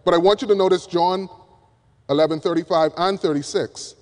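A male preacher delivering an emphatic sermon from the pulpit, swinging from loud appeals down to hushed words. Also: sits high, fairly quick. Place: church pulpit. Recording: long reverb of a large hall.

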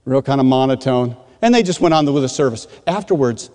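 A middle-aged man from rural Michigan, a pastor telling his testimony in an animated way and acting out the voices of the people in it. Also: medium pitch, fairly quick. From rural Michigan, USA. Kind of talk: testimony sermon. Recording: long reverb of a large hall.

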